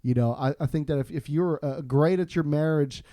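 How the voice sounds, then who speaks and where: A man from Florida, a podcast guest, telling a story in a casual, animated, self-deprecating way with frequent restarts. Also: a little high, moderate pace, dry recording, clean studio sound.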